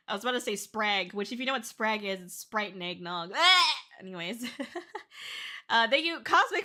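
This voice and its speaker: This young Canadian VTuber's voice is fairly high, pushed, and bright as she chats casually on stream. She reads chat and thanks her viewers while tearful and squealing with excitement.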